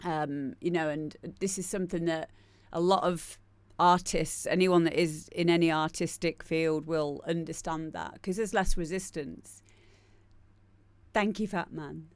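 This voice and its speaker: A woman's voice: low voice, fairly even intonation, moderate pace, clear, resonant tone, no room sound. A young adult woman, a streamer and music producer, rambling casually to her viewers and often restarting her sentences. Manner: rambling, self-deprecating, frequent restarts. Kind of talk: casual live-stream chat.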